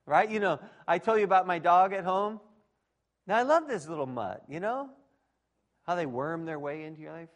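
A middle-aged man preaching a sermon, emphatic, dropping to quiet asides and rising to shouts. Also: high-pitched, lively intonation, normal speed. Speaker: pastor.

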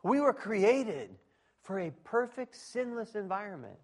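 A middle-aged man preaching a sermon, emphatic, dropping to quiet asides and rising to shouts. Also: sits high, very animated, unhurried. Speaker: pastor.

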